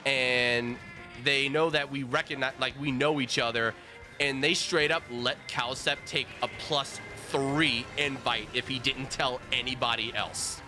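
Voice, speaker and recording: A man streaming with viewers, telling a casual, animated story with plenty of swearing and restarts. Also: medium pitch, unhurried, over music. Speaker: streamer host. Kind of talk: casual storytelling while gaming.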